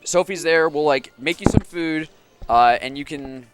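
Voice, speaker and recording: A man's voice: fairly high pitch, normal speed, music in the background. A young man hosting a casual chat show, telling a story with lots of energy and acted-out quotes, sounding a bit sick. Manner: animated storyteller, shouts and laughs through quotes. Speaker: show host.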